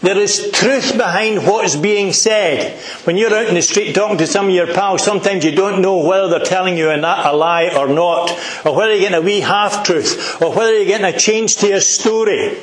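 A man's voice: high-pitched, moderate pace, few pauses, roomy sound. A middle-aged Scottish man preaching a sermon, earnest and emphatic, asking the congregation questions.

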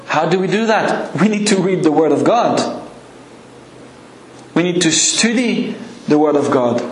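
A man's voice: high-pitched, echoey room, a little hiss or hum, rough recording. A man with a French accent preaching an earnest, emphatic sermon. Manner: earnest, emphatic, slow and deliberate.

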